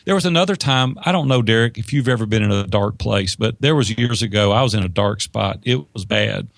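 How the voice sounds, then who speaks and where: A man telling personal stories as an interview guest, in an emphatic, animated way. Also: fairly low pitch, brisk, gravelly, dry recording, studio quality. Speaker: interview guest, business mentor. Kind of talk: conversational storytelling.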